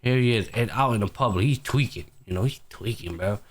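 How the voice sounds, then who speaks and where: A man's voice: on the low side, brisk. A man hosting a casual anime podcast, retelling episodes with heavy swearing and acting out the characters' lines. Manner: animated storytelling, heavy swearing, acts out characters. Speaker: podcast host.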